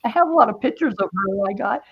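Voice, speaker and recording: A woman's voice: medium pitch, expressive, fast talker, gravelly, slightly rough, lo-fi sound. Chatty woman telling a long story. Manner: storytelling, quoting others, frequent laughs. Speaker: craft stream host. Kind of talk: casual chat.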